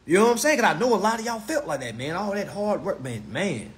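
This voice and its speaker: A man's voice: high-pitched, very animated, quick pace, hardly any pauses. A man lecturing on a live stream, blunt and profane, who repeats his phrases for emphasis.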